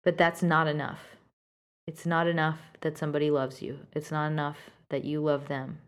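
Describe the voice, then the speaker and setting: A woman's voice: deep voice, little pitch movement, normal speed, smooth. A woman hosting an advice podcast, talking earnestly and directly to a listener, with frequent fillers and restarts.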